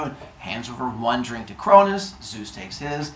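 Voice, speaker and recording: A man tells a silly story in a playful, animated way, throwing in goofy sound effects. His pitch swings widely as he goes. The room gives a clear echo. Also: unhurried, slight background noise. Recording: roomy echo.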